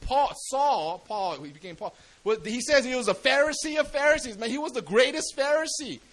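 A man's voice: extremely high pitch, expressive, fairly quick, fairly bright tone, rough recording. A man preaching a sermon in a casual, slangy way, often asking the congregation questions.

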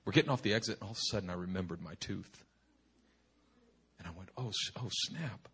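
Pastor guy at a retreat telling a funny story, husky but bright sound, keeps restarting himself. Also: low-pitched, quick pace. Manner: animated, humorous, rambling with frequent restarts. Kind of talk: sermon storytelling. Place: retreat meeting hall.

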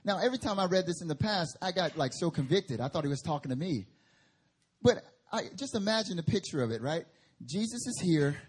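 A male preacher tells Bible stories with high, husky energy. His pitch swings widely as he jokes and uses slang. He preaches to a church congregation. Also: brisk. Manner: animated storytelling with slang and humor. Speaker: guest preacher. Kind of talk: sermon. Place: church service.

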